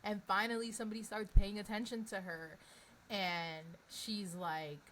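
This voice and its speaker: Bright-voiced animated woman podcast host. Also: medium pitch, normal speed, a little hiss or hum. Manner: animated, laughs often, many fillers. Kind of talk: casual podcast chat.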